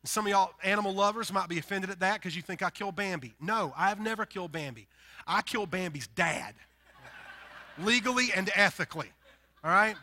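A man from the Deep South with a Southern accent, preaching a sermon in an animated, emphatic way, swinging between loud bursts and quiet stretches. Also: fairly quick. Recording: long hall reverb.

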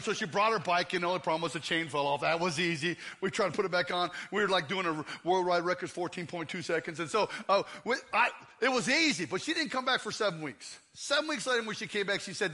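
A man preaching a lively, joking sermon in a church, often shouting out to the crowd. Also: high-pitched, fast talker, few pauses. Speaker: guest preacher. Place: church sanctuary.

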